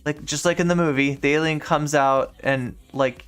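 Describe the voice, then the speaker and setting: A woman's voice: sits low, fairly even intonation, moderate pace, clear, resonant tone, faint music behind. A woman streamer chatting casually while playing a game, rambling and leaning heavily on filler words as she talks. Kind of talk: casual live-stream chat while gaming.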